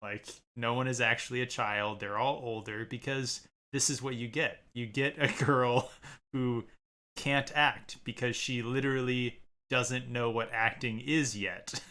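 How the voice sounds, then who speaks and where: Male co-host, bright tone, chatty and giggly, full of fillers. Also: mid-range voice, steady tone, measured pace. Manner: laughs often, hesitant with many fillers. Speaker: podcast co-host. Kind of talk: casual chat recapping a TV episode.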